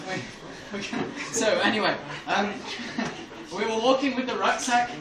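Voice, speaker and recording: This English stand-up has a high-pitched voice and an unhurried delivery, chuckling through his jokes as he tells stories. A crowd fills the background of the club room, and the distant recording is echoey and noisy.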